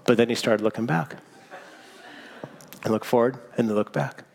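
A man preaching a sermon, telling a personal story in a lively, self-mocking way. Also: medium pitch, moderate pace, creaky. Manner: animated storytelling, self-mocking, laughs at himself. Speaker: pastor. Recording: long hall reverb.

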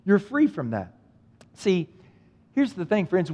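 A man's voice: high voice, wildly swooping pitch, slow pace, dark tone, muffled recording. A male pastor preaching a sermon, speaking with emphatic repetition and addressing the listeners directly. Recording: long hall reverb.

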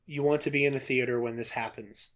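Excitable man reading news aloud. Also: mid-range voice, fast talker. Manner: excitable, laughing often, casual swearing. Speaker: podcast co-host. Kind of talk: casual chat reading a news story aloud.

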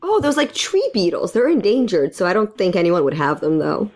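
A woman's voice: on the low side, big pitch swings, brisk, a little mellow. A woman on a comedy podcast making prank phone calls, rambling and giggly with lots of "like.". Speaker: podcast guest and prank caller. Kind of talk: prank phone call banter.

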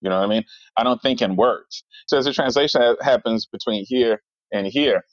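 A man's voice: mid-range voice, fairly quick, no echo. A man talking loosely and animatedly, circling back with fillers and false starts. The sound is dry and close, a little dull in the top end. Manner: rambling, animated storyteller with many fillers. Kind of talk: casual chat.

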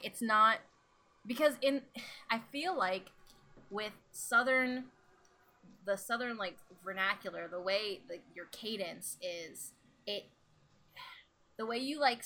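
A woman from the northern US chatting casually, animated, laughing often and acting out quotes. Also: mid-range voice. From Pittsburgh area, US North. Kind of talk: casual chat.

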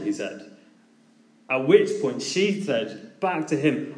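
A man's voice: lowish voice, slow pace, reverberant, low-quality recording. A man preaching a sermon in a conversational, storytelling way, speaking in a church.

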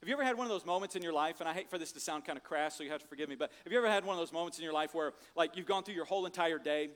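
A male pastor preaching a sermon, animated and conversational, swinging from loud jokes to hushed emphasis. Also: fairly high pitch, very fast, in a large hall.

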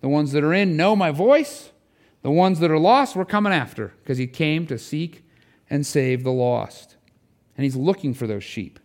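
A man preaching to his congregation, his voice sitting a little above the usual male range. He is earnest and pleading, and his pitch swings wide as he urges his listeners on. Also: expressive, moderate pace, darkish tone. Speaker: pastor. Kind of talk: sermon. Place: church sanctuary.

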